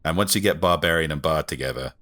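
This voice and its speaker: A man's voice: extremely low pitch, quick pace, sharp tone, dry recording. A man co-hosting a podcast, telling stories in a dry, joking way. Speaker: podcast co-host. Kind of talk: casual chat.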